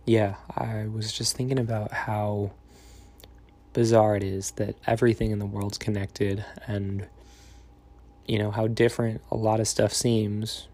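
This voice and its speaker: A man's voice: on the low side, little pitch movement, unhurried, a little mellow. A young man in a casual vlog monologue, rambling and meandering with lots of fillers and half-finished thoughts. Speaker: vlogger.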